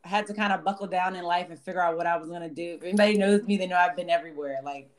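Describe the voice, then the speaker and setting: A woman's voice: on the low side, racing, crowd noise. A woman in her thirties, a guest on a casual podcast, speaking candidly with fillers and the occasional stutter. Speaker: guest scientist.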